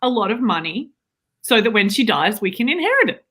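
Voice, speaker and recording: A woman's voice: mid-range voice, very animated, quick pace, fairly bright tone, breathy edge. A woman playing a blunt, teasing Australian wife who swears freely, in an improv comedy livestream.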